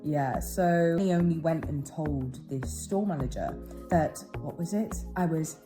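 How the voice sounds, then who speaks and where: A woman's voice: sits low, unhurried, over music. A woman in her twenties telling a frank, wry personal story, with swearing. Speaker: vlogger. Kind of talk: confessional storytelling monologue.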